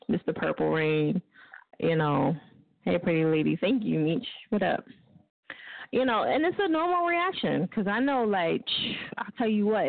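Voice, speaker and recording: A woman's voice: mid-range voice, no echo. Blunt, profane woman radio host on a tinny line. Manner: blunt, profane, laughing often. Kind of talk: casual talk radio rant. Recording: dry, phone-like lo-fi line.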